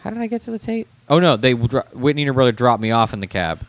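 A man's voice: medium pitch, sing-song, quick pace, no echo. A young man chats on a podcast, telling a long anecdote in a rambling way and acting out what people said. His voice is recorded close and dry, with no room sound. He swears casually as he goes. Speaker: podcast co-host and comedian. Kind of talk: casual chat, storytelling.

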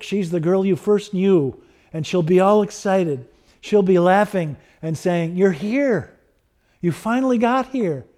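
Guy doing a sweet grown daughter, tender and reassuring, voice pitched way up. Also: darkish tone. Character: grown daughter gently reassuring her grieving father. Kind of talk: read-aloud sermon storytelling.

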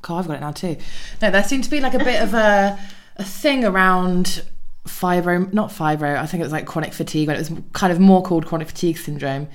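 A woman's voice: fairly low pitch, fairly quick. A woman co-hosting a podcast, chatting casually and hesitating while searching for words. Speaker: podcast co-host.

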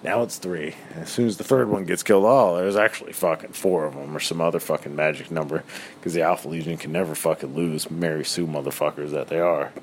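A deep-voiced man with a New Jersey accent rants in an exasperated, swearing-heavy podcast monologue. A faint hiss of background noise sits under his voice. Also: steady tone, fast. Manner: constant swearing, exasperated ranting. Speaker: podcast co-host. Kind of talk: profane comedic rant.

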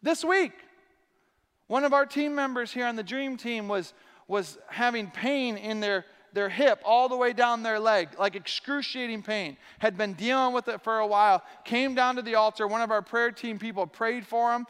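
A pastor preaching a sermon to his congregation, animated and acting out the voices of the people he quotes. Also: very high voice, normal speed, smooth. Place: large church hall. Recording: long reverb of a large hall.

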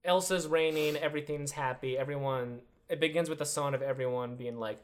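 A man's voice: fairly high pitch, steady tone, brisk. A man in his twenties co-hosting a casual podcast, rambling with lots of "like" and restarts. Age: 20s. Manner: rambling, full of "like" and restarts, bursts into laughter. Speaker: podcast co-host. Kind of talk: casual chat. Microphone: podcast microphone.

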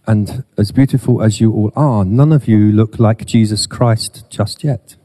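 A man's voice: fairly low pitch, unhurried, mellow. A middle-aged man preaching a sermon in church, with humorous self-deprecating asides. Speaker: pastor.

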